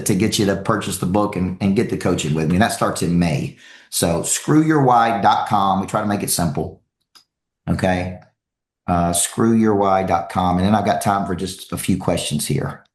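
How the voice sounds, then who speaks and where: A man giving a motivational talk to an audience as a coach, telling stories with lively energy and repeating phrases for emphasis. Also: lowish voice, echoey room.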